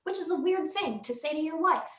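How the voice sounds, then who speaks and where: A woman reads comic prose aloud in a high voice that swings widely in pitch. Her delivery is wry and expressive. The sound carries a roomy echo. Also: a little fast. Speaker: reader at a library storytime.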